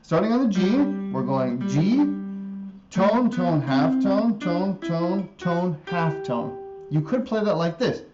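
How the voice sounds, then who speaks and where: Guitar teacher explaining scales patiently. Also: male voice, high voice, expressive, highs cut off. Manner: patient, repeats formulas slowly, checks in with okay. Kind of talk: live-streamed music theory lesson. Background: guitar playing.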